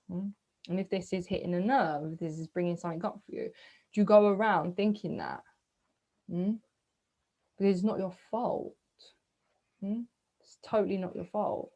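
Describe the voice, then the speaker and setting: A woman guides her listeners through a reflective coaching session. Her voice is soft and searching, with long pauses and breathy sighs. She keeps turning questions back to the listener with a gentle 'hmm?'. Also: on the low side, steady tone, poor audio. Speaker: spiritual coach. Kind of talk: guided self-reflection talk.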